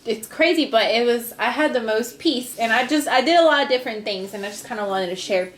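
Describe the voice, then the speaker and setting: A woman's voice: fairly high pitch, fairly quick, echoey room. A woman co-hosting a casual podcast who speaks candidly and reflectively about her own life. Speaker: podcast co-host. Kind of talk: casual chat.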